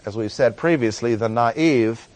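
A man gives a Bible study lecture, earnest and explanatory, stopping often on "uh" as he works through the words. His voice sits at an ordinary middle pitch. The recording is close and dry, with no room echo. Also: darkish tone. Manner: earnest teaching tone with frequent "uh" pauses. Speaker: Bible teacher.

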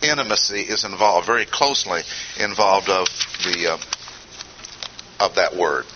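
A man teaching a Bible study in a deliberate, emphatic way with frequent pauses, on a dull lo-fi recording with faint hiss. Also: low voice. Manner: deliberate, emphatic, pausing often. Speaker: preacher.

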